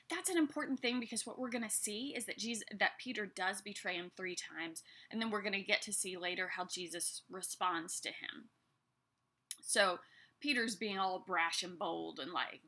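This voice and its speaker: A woman giving a casual Bible lesson, reading scripture aloud and chatting about it with lively asides. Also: medium pitch, moderate pace. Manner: chatty and animated, with many fillers and asides. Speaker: Bible teacher.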